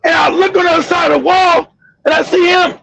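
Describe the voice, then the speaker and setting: A man hosting a livestream, telling a crude story in an animated, profane way with loud outbursts. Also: extremely high pitch, a little fast, vocal fry, rough recording. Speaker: host.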